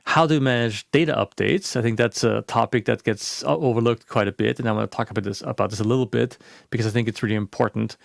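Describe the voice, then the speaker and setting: A man presenting a webinar talk in a relaxed, conversational way, with frequent restarts and fillers. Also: medium pitch, quick pace, gravelly, dry recording, studio quality.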